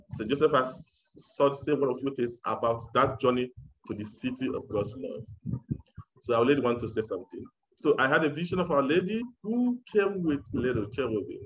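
A man preaching a sermon, reading out messages from visions in a slow, emphatic, declaiming manner. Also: on the high side. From Nigeria. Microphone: online conference recording. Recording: dull lo-fi audio.

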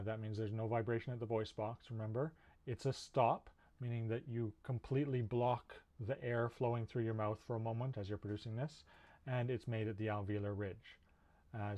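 A man's voice: medium pitch, a little mellow. A man teaching in a recorded video lecture, explaining patiently with frequent "uh" fillers. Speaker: linguistics instructor.

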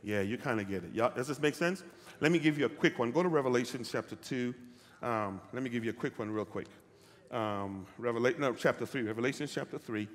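A man preaching a sermon as pastor, often checking in with the congregation and rising from quiet talk to shouted calls. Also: mid-range voice, a little fast. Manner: asks the congregation questions. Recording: hall reverb.

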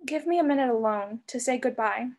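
A brave, clever teenage girl voiced by a woman reading a storybook aloud. She speaks firmly and urgently, in a fairly high voice. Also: brisk, a little mellow, close to an everyday voice. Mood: determined.

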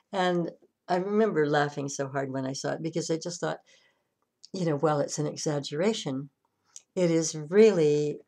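A woman's voice: deep voice, darkish tone. A woman minister giving a sermon and retelling a story conversationally, with frequent restarts.

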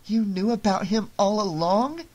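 A woman's voice: medium pitch, animated, unhurried, pitched above the performer's own voice. A reader voicing a defiant frightened teenage girl. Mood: furious. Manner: urgent, accusing, shouting at times. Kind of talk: audiobook character reading.

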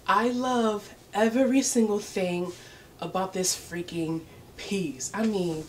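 A young woman chats through a clothing try-on haul in a sassy, playful way, laughing as she goes. Her voice sits at a middle pitch for a woman. A faint background noise runs under the recording. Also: animated, takes it slowly. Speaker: fashion vlogger. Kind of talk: casual try-on haul chat.

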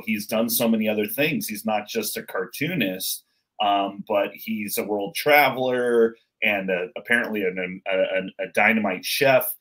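A man's voice: on the low side, fairly bright tone, low-quality recording. A man hosting a casual chat, rambling with many fillers.

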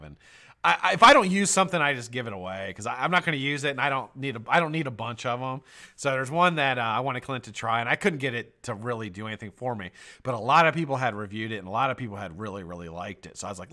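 A middle-aged man hosting a live stream, greeting viewers by name with loud shout-outs, swearing and joking. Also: mid-range voice. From United States. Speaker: host.

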